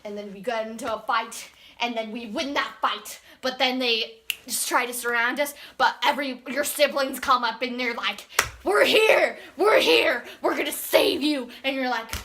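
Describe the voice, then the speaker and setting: Woman, high voice, casual rambling game recap, acts out quoted lines, clear background noise. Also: fairly even intonation, normal speed, pushed and bright. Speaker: gaming channel host.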